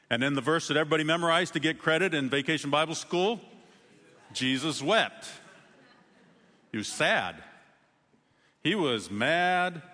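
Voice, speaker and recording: A man preaching a sermon in a conversational way, with sudden emphatic rises in pitch. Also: bright, forceful tone, in a large hall. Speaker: pastor.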